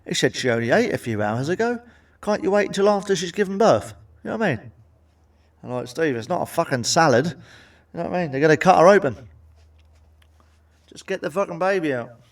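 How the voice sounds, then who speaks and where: Middle-aged man, stand-up comic, crude and sweary, deadpan delivery, slightly raised voice, a bit off-mic. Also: on the high side, brisk, pauses often, recorded from a distance. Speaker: stand-up comedian. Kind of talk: stand-up comedy routine.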